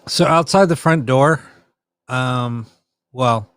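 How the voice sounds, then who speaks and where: A man hosts a late-night live stream, chatting loosely with viewers and playfully scolding them. His voice is smooth and clear, at an ordinary middle pitch. The sound is dry and close, with no room around it. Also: slow pace, fairly bright tone, no echo. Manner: chatty, laughing, teasing back at viewers. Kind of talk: casual chat with live chat viewers.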